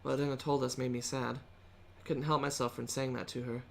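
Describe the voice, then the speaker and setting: A woman streamer reading a visual novel's narration aloud in a subdued, measured way. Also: very deep voice, level tone, creaky, slight background noise.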